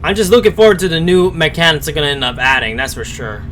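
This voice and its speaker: Rambling man streamer, slightly high voice. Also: fast, fairly bright tone, slight background noise. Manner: rambling, hesitant, many fillers. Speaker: streamer reacting to a story. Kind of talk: casual live-stream commentary.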